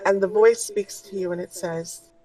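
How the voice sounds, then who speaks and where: A woman's voice: mid-range voice, steady tone, normal speed, warm tone, far from the mic, low-quality recording. A woman running a tabletop game as game master, narrating casually with lots of ums and likes. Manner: casual, with many fillers.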